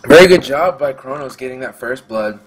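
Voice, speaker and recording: Man, esports color caster, mid-pitched, conversational and halting, faint background hum. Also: animated. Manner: conversational, hesitant, with fillers and restarts. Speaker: esports commentator. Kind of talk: game analysis commentary.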